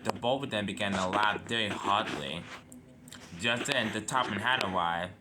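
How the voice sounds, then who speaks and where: Young male narrator, low voice, halting delivery, noisy home recording. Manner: halting, with slips and fillers. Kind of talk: amateur toy-train story narration.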